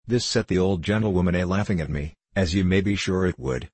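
Deep husky male audiobook narrator. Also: fairly quick, darkish tone, no room sound. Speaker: audiobook reader. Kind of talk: scripted narration of an old novel.

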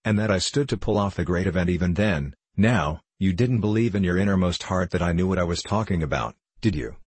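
A man reading the lines of a sly, genial man who has come home from the tropics, with a dogged, teasing manner, in his own low, husky voice. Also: animated, brisk, darkish tone, no echo.

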